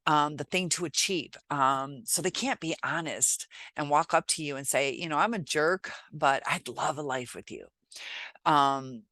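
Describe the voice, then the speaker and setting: A woman vlogger talking to camera in a reflective, halting way, pausing often as she gives relationship advice. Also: low-pitched, a bit bright, no room sound. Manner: reflective, halting, many pauses and filler sounds. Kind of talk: casual advice talk to camera.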